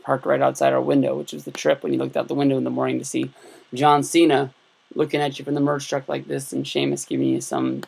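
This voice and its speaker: Gravelly man rambling through a story. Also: medium pitch, expressive, fast, a little mellow. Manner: rambling, many fillers and restarts. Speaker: YouTube vlogger. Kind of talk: casual storytelling vlog.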